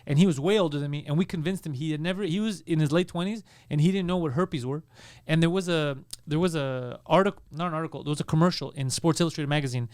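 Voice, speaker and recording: Fast-talking high-voiced man telling stories. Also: smooth, dry recording, studio quality. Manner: rambling, animated, acts out voices in stories. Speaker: podcast co-host. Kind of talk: casual storytelling chat.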